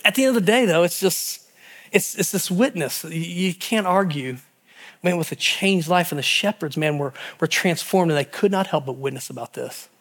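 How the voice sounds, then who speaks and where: A pastor preaching a sermon and telling stories with animated energy, acting out the people in them. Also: male voice, fairly high pitch, normal speed, slightly rough. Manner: animated storytelling, acting out voices in quotes.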